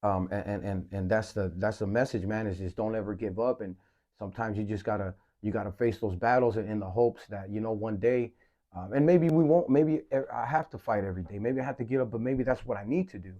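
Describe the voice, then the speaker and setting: A man hosting a podcast, speaking candidly in a halting personal monologue, often repeating words and saying "man". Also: on the low side, dark tone, dull audio. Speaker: podcast host.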